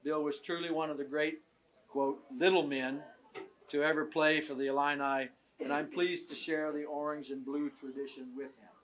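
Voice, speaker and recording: A man at a tribute event, reading a letter aloud in a measured, formal way. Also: a little high, flat delivery, a bit bright, poor audio.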